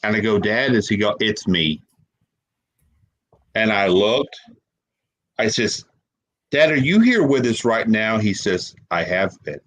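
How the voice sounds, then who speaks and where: A man with a somewhat low voice tells a personal story as an interview guest. He speaks haltingly, repeating words as he goes. He sounds close to tears. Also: lively intonation, a bit bright, poor audio. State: holding back tears. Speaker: guest paranormal investigator.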